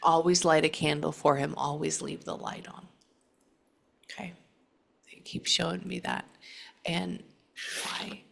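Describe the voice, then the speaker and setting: A woman giving a spirit reading, her voice sitting fairly low with a rough, gravelly fry running through it. She talks earnestly and reassuringly, often stopping mid-thought to pause or add an aside. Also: fairly even intonation, fairly bright tone. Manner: earnest and reassuring, relaying messages aloud; halting, with frequent pauses and asides. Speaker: psychic medium. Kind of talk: spirit reading session with a client.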